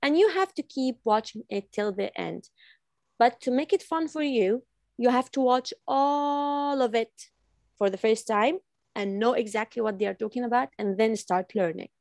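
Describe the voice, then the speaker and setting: A woman's voice: on the high side, normal speed, gravelly, a little mellow, no echo, clean studio sound. A woman from Iran teaching an online English class, repeating phrases patiently for her learners over a video call. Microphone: computer mic on video call.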